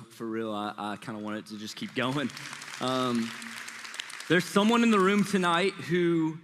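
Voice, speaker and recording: A man's voice: mid-range voice, a bit bright. A man in his thirties giving a live sermon to a college crowd in a church auditorium, casual and joking as he talks. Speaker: college ministry pastor. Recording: long hall reverb.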